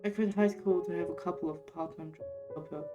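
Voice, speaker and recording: A woman's voice: lowish voice, steady tone, lo-fi sound, lightly acted. A woman doing a dejected young man. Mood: subdued. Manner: quiet, subdued, halting. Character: downcast young man, guilt-ridden college dropout. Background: game music.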